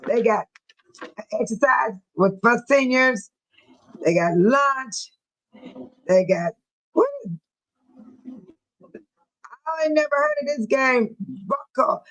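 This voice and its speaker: Woman host, chatty and repetitive, talking to viewers live; voice sits a bit high. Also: very animated, rough recording. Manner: repetitive, chatty, quick to laugh. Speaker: livestream host. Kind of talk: casual live chat with viewers.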